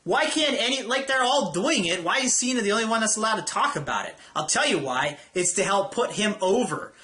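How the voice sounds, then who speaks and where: A young man rants through a weekly show review, blunt and exasperated, swearing freely. His voice sits a bit high with a bright, sharp edge. He sounds casual and irritated rather than polished. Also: animated, fairly quick.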